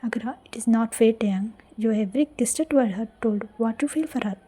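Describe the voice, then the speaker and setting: A woman reading the lines of a pushy, sarcastic young friend in a soft, breathy near-whisper, as part of a fan-fiction audio story. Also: fairly high pitch, fast. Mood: pressing.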